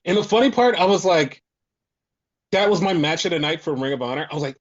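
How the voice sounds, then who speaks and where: A man hosting a casual podcast, recounting events in an excited, expletive-filled rush. His voice sits a little high. The audio is slightly muffled and lo-fi. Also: quick pace. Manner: excited, profane storytelling. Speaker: podcast host.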